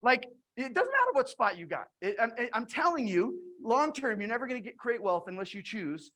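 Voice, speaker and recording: A woman's voice: on the high side, fairly quick. A woman giving a motivational direct-sales talk, retelling her conversations with lots of restarts and repeated words. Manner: energetic storytelling with frequent restarts.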